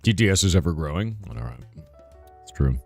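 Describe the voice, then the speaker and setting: Deep hoarse man chatting on stream. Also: lively intonation, a little fast, soft background music. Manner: rambling, answers chat with asides and "right?". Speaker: streamer and game developer. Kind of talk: casual live-stream chat.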